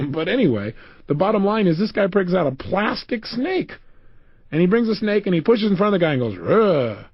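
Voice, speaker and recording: Man, motivational speaker, lively storyteller with a dry, close sound. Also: high-pitched, fairly quick, husky, no echo, dull audio. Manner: animated storytelling, acting out quotes. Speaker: self-help speaker. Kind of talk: motivational audio program.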